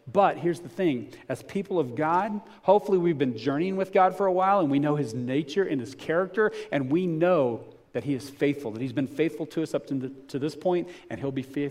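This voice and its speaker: A pastor preaching a sermon to his congregation in a conversational way, swelling to emphatic points and dropping to softer reflective stretches. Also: fairly high pitch. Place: church before a congregation.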